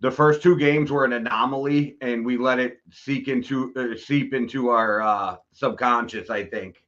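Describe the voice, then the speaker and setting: A man's voice: medium pitch, fairly even intonation, normal speed, fairly bright tone, highs cut off. A man from the United States co-hosting a casual sports podcast, dry and wisecracking. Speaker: podcast co-host.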